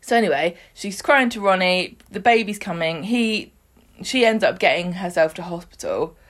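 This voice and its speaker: A woman's voice: on the low side, expressive, moderate pace, a bit bright. A woman casually recapping a soap on a podcast, chatty and acting out the characters' lines in voices. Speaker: podcast co-host.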